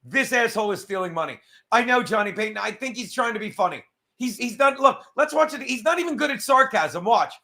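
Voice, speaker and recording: High, bright-voiced man ranting. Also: a little fast. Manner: mocking, crude, animated. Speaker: show host. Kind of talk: profane sports rant.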